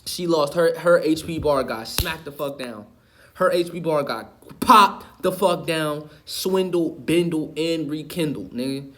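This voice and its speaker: A man's voice: on the high side, measured pace, fairly bright tone, slight background noise. A man ranting to the camera in an impassioned, preachy way, cursing and repeating himself for emphasis. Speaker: online video host. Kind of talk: impassioned spiritual rant.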